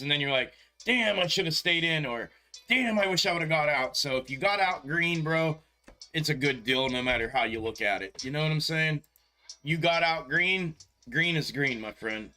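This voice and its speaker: A man's voice: on the high side, sharp tone. A man hosting a stock market livestream in casual chat, laid-back and profane, often chuckling and calling viewers bro. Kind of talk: casual live-stream chat.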